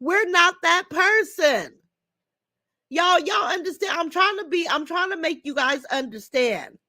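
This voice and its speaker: An older woman with a high, animated, pushed and bright voice hosts a casual livestream at a measured pace. She reads chat comments and answers them bluntly, getting heated and swearing freely. The sound is dry and close, with no echo.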